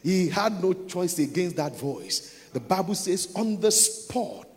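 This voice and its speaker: A man's voice: high-pitched, very animated, slow, a little mellow, in a large hall. A Nigerian man preaching a sermon as a pastor, repeating phrases for emphasis.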